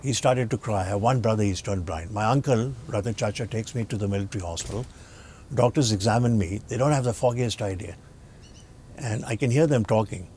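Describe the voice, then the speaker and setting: Older man telling animated stories. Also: lowish voice, brisk, slight background noise. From India. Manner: animated storyteller acting out dialogue. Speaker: guest, doctor and professor. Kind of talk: storytelling in an interview.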